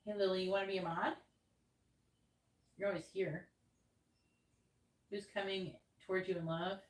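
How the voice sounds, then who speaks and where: A woman's voice: mid-range voice, steady tone, moderate pace. Woman tarot reader hosting a live stream, loose and chatty, heard from a distance off the mic. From New York. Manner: rambling, chatty, laughs often. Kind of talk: casual livestream chat. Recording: roomy sound, distant from the mic.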